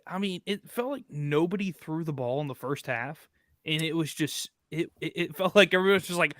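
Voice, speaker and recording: A man co-hosting a sports podcast, speaking in a halting way and restarting his sentences. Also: on the high side, animated, fairly bright tone. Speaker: podcast co-host. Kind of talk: casual sports chat.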